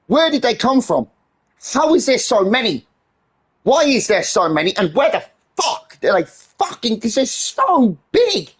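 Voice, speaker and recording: Husky, sweary man ranting. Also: very high-pitched, a bit bright. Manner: exasperated, heavily sweary ranting. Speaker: streamer. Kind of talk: casual live-stream rant.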